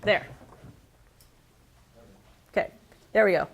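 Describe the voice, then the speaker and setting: A woman teaching a school band, giving brisk directions and counting off. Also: mid-range voice. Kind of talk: classroom instruction.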